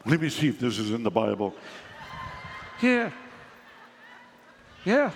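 Gravelly preacher man in a big hall. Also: medium pitch, very animated, moderate pace, long pauses, fairly bright tone, slight background noise. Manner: conversational preaching, mocking asides. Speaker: pastor. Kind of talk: sermon.

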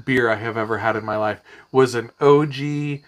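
A man's voice: medium pitch, moderate pace. A man casually telling a long, rambling story in a podcast chat, swearing freely. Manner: rambling, profane, animated anecdotes. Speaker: podcast co-host.

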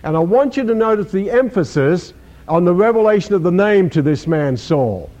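A man's voice: high-pitched, animated, moderate pace, dark tone. An older man preaching a sermon, emphatic, repeating key words and acting out the scripture he quotes. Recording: dull lo-fi recording.

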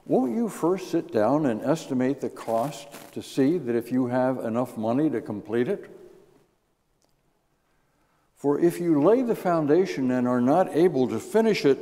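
A man giving a New Year's Day sermon, reading scripture and a poem in a measured, expressive way. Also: mid-range voice. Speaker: guest preacher. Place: church sanctuary. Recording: reverberant church hall.

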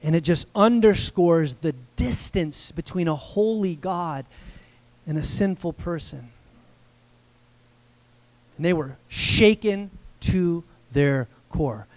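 A man preaching a sermon to a congregation, conversational and energetic, building to loud cries at times. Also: fairly high pitch, slow. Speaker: pastor.

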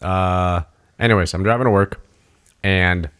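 A man's voice: low-pitched, steady tone, a little slow, a bit bright, smooth. Man in his thirties telling a rambling story. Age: 30s. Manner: rambling, filler-heavy, swears freely. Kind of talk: casual storytelling chat.

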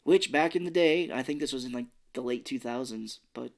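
An animated podcast co-host chatting casually about a film, often slipping into quick impressions of the characters. The voice sits at a middle pitch and keeps the talk loose and conversational. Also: creaky. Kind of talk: casual movie review chat.

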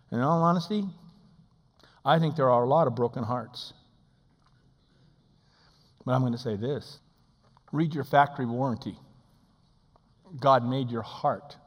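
An older man preaching a sermon, animated and emphatic, with folksy humor and quoted scripture. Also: fairly high pitch, in a large hall.

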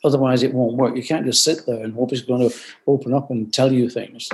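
An older man being interviewed over a video call, speaking in a reflective, earnest way and often dropping quietly into soft asides. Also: mid-range voice, fairly even intonation, brisk. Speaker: guest, company founder.

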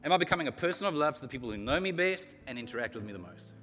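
A man preaching a sermon as a pastor, lively and animated, getting loud and quiet by turns. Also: medium pitch, very fast, soft background music. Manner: lively, animated preaching with sudden swings in loudness. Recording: long echo of a hall.

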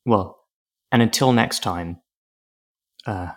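A man's voice: fairly low pitch, slow pace. A man co-hosting a podcast, chatting casually with dry, rambling asides. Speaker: podcast co-host. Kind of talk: casual chat.

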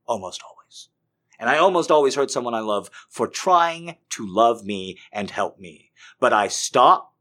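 Man, low forceful voice, intense confessional monologue, dips hushed then swells. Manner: intense, emphatic, swings from hushed to loud.

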